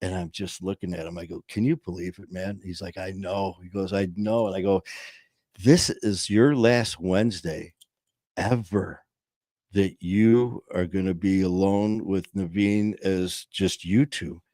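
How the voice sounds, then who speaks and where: Low-voiced man telling a story on a livestream. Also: a little slow, dry recording, clean studio sound. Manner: animated, acts out quotes in a raised voice. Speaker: co-host of a livestream show. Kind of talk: casual storytelling chat.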